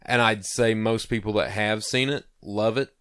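A man's voice: fairly low pitch, steady tone, normal speed, a bit bright, clear, resonant tone, no room sound, clean studio sound. A man co-hosting a casual movie chat, laid-back and agreeable. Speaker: podcast co-host.

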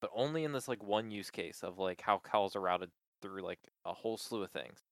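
A man's voice: lowish voice, brisk, gravelly, fairly bright tone, no room sound, studio quality. A man in casual chat, venting with exasperation about a support call, swearing often and filling with "like".

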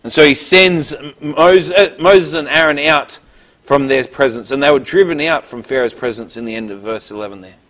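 In this Bible teaching, a man reads passages aloud and follows each with a plain explanation, sometimes restarting a phrase. His pitch is fairly high, his tone a bit bright, his pace moderate.

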